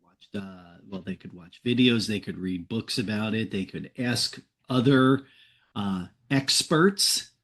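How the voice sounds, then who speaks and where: A man's voice: fairly low pitch, takes it slowly, a bit bright. A man co-presenting a webinar, replying in an easygoing, supportive way. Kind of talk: casual conversation.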